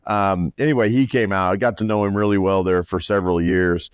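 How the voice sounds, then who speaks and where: A man's voice: low voice, fairly even intonation, a little fast, clean tone, no room sound. A man, a farmer, telling stories in a rambling, casual way and quoting people as he goes. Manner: rambling storyteller, many restarts and quoted dialogue. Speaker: farmer and landowner guest. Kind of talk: casual conversation.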